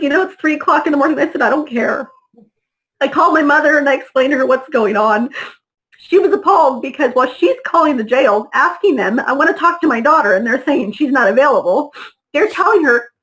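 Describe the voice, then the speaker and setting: High voiced mom telling her story in an interview, acts out who said what. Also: expressive, a little fast, fairly bright tone, rough recording. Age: adult mother. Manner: vivid, acts out dialogue in her retelling. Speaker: interview guest. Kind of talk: emotional personal storytelling.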